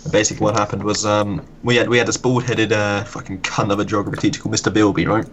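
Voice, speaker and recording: A man's voice: on the low side, little pitch movement, fast talker, background noise. A young man chatting casually, swearing and laughing at his own school stories. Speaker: streamer. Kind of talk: casual chat.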